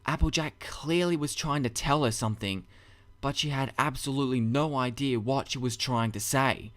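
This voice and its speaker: A man narrating his own story in a dramatic audiobook reading, with measured, expressive storytelling. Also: mid-range voice. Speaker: narrator and author.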